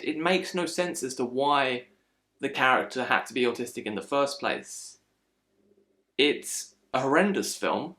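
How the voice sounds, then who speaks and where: Guy ranting about a movie, middle pitch, does mocking little voices. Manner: animated, frustrated, mocking impressions. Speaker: film reviewer. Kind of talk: casual spoken film critique.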